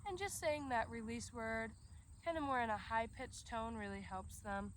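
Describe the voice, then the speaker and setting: A woman dog trainer explaining commands outdoors in a relaxed way, breaking off to give short commands to her dog. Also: a little high, moderate pace. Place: outdoors in a grassy yard. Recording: outdoor recording with crickets and background noise.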